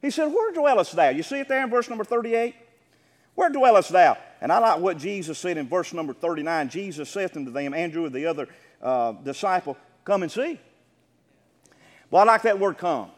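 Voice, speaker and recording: A high-pitched male preacher delivering an emphatic sermon, his voice swooping up and down as he builds toward near shouts. His words ring out with a long reverb through the church sanctuary. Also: animated, brisk. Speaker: pastor.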